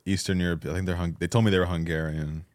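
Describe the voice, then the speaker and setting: A deep-voiced man chats on a podcast, hedging his words and leaning on "like" as he gropes for the right term. The sound is dry and close, with no room around him. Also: fairly even intonation, a little mellow, no room sound. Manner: hedging, halting, heavy use of "like". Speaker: podcast co-host. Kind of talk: casual podcast chat.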